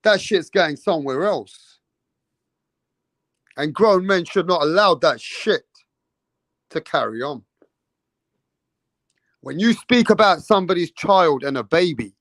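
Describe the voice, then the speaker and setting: A man's voice: high-pitched, animated, slow, long pauses, a bit bright, no room sound. A man, a boxing channel host, ranting indignantly in heated casual commentary with heavy swearing.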